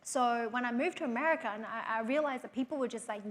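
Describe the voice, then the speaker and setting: A woman's voice: fairly high pitch, fast. A young Australian woman, an actor speaking on a stage panel, bubbly and rambling with many fillers and laughs. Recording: live stage, long hall reverb.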